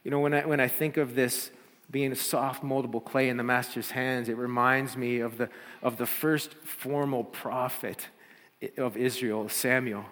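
A man's voice: mid-range voice, little pitch movement, moderate pace, a bit bright. A man preaching a sermon as pastor, often repeating words and building to fervent appeals. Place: church. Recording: church hall reverb.

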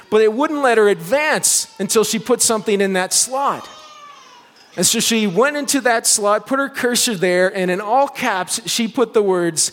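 A male pastor preaching a Christmas sermon, telling a story with lively build-ups and slowing into soft, earnest appeals. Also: sits high, big-room sound.

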